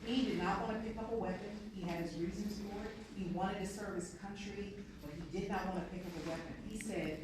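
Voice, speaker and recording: A woman's voice: mid-range voice, steady tone, fairly quick, hardly any pauses, noisy background. Woman giving an earnest motivational speech. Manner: earnest, storytelling, repeats points. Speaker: keynote speaker. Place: large conference room with audience. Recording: echoey hall from far off.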